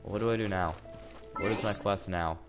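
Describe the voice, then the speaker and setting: A man live-streaming a video game, rambling sarcastically and bursting out excitedly during fights. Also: low-pitched, normal speed. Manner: sarcastic, self-mocking rambling with excited outbursts. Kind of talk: live gameplay commentary. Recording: game music playing under voice. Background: game music.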